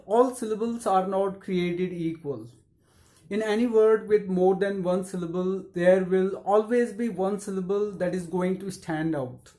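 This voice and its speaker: An English pronunciation teacher in scripted instructional narration, explaining tips in a measured and encouraging way. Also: mid-range voice, warm tone.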